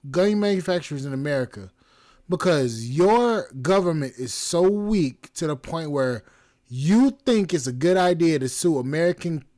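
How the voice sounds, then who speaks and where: A man's voice: a little high, darkish tone. A young man hosting a podcast, talking bluntly and profanely in an exasperated, repetitive way. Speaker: podcast host. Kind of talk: casual commentary.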